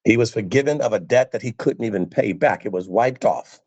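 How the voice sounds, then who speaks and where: Male preacher, sermon, low voice, emphatic, repeats lines, dry recording. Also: a little fast, darkish tone, breathy edge, dry recording, highs cut off. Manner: emphatic, repeats phrases for stress.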